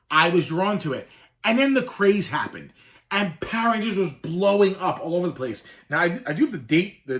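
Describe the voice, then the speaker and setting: A man's voice: fairly high pitch, a bit bright. A man in his thirties, a toy collector, telling an emotional childhood story to camera in a rambling, wistful way that chokes up at times. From Northeastern US. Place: room full of collected toys.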